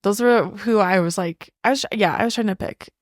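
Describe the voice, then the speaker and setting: A woman's voice: medium pitch, moderate pace, no room sound. Young female podcast co-host, hesitant, trails into murmurs, dry mic. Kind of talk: casual book club chat.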